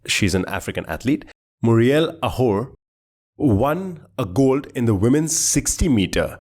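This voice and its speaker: A man's voice: mid-range voice, very animated, a little slow, a little mellow, breathy edge. A man co-hosting a quiz podcast, chatting casually, rambling and laughing as he searches for words.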